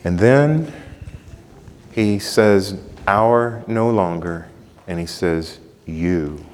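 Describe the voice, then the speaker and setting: A man's voice: low-pitched, drawn-out words, big-room sound. A man preaching a sermon, emphatic and building in intensity through repetition. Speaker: pastor.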